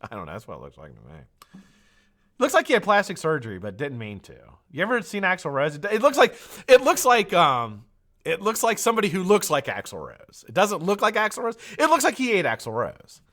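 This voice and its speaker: High-pitched and speaking at a normal speed, a US man hosts a live stream from his home studio. His chatty, lively style has him greeting viewers by name, then hopping from shout-outs to tangents.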